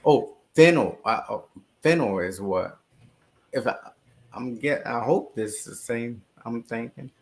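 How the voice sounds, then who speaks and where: A man's voice: medium pitch, measured pace. A man appearing as a guest on a live stream, giving short reactions and thinking aloud. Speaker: guest, fitness coach. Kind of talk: casual chat on a video call.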